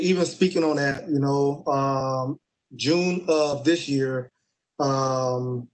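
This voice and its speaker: A young man, an Army staff sergeant, answering interview questions in a relaxed way with many fillers and restarts. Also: on the high side, rough recording.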